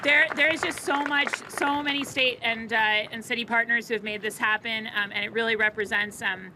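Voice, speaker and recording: A woman's voice: on the high side, fairly even intonation, normal speed, a crowd in the background, noisy background. A woman administrator opening a public ceremony in a casual way, with lots of ums and uhs. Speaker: housing authority administrator. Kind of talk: ceremony emcee remarks. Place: outdoor ceremony.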